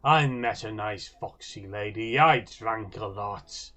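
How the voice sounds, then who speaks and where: A man's voice: fairly low pitch, takes it slowly, sharp tone. A man voicing a gloomy, washed-up male bird, a former adventurer who speaks broken English and pities himself. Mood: mopey. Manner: broken English, self-pitying.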